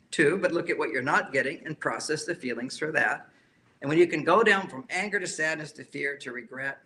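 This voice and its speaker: A man's voice: fairly high pitch, sharp tone. A man speaking as a relationship counselor, giving an emphatic talk to a live audience and often repeating key phrases.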